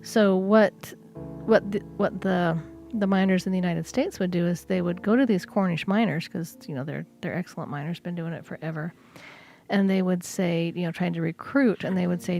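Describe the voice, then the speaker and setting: A woman's voice: fairly low pitch, normal speed, vocal fry, mellow, faint music behind. A woman co-hosting a podcast, chatty and digressive in casual conversation. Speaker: podcast co-host.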